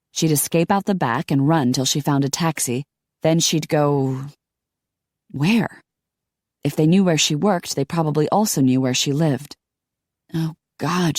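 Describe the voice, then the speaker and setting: Woman audiobook narrator, low voice, dry close sound, wry delivery. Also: a little mellow, no echo.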